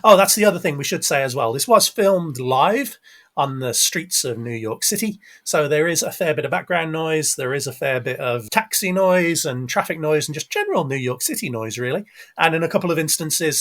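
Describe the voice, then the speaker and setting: A man's voice: fairly high pitch, lively intonation, a little fast, fairly bright tone. A middle-aged man from England hosting a podcast, talking in an upbeat, casual, self-mocking way. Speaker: podcast host.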